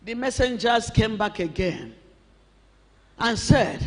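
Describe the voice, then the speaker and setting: A man preaching, his voice very high and lively in pitch. He speaks slowly and brightly, building to shouts. His voice rings with a long reverb, as in a large hall. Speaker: pastor. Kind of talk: sermon.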